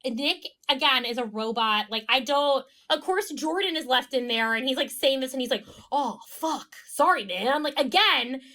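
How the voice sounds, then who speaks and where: Bright animated young woman recapping. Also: high-pitched, moderate pace, few pauses. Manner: animated, acts out quotes, laughs. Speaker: podcast co-host. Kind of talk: casual recap chat.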